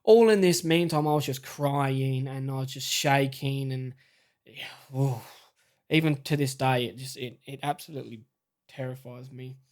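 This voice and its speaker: An Australian man telling a personal story in a halting, stammering, shaken way. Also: medium pitch, a little mellow. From South Australia. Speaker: vlogger.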